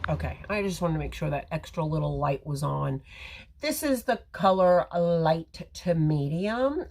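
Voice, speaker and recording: Middle-aged woman hosting a live makeup stream, chatty and rambling, slow unhurried delivery with lots of swing in her pitch. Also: breathy edge. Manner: chatty, rambling, talks to viewers. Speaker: makeup livestream host. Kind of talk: casual live makeup tutorial. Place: home or salon with ring light. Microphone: phone camera.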